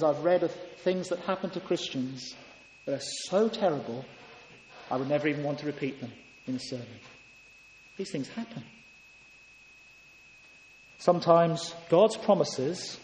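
Preacher in an echoey hall. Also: male voice, a little high, a little mellow, a little hiss or hum. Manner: earnest, rhetorical questions, dramatic quoting. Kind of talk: sermon. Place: church. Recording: echoey hall, heard from a distance.

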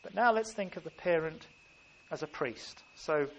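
A man's voice: a little high, lively intonation, moderate pace, creaky, fairly bright tone. A man preaching a sermon, earnest and emphatic, often stopping to restart a phrase. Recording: faint ambient background noise.

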